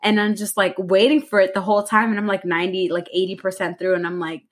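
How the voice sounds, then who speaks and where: A woman's voice: mid-range voice, level tone, fast talker. A woman co-hosting a book podcast, chatting casually and rambling with lots of fillers. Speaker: podcast co-host.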